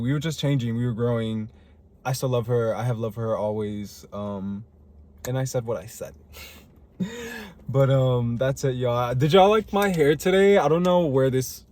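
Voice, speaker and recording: A man's voice: mid-range voice, darkish tone. A young man rambling through a casual personal monologue to camera, full of fillers and restarts. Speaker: vlogger. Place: living in Chicago.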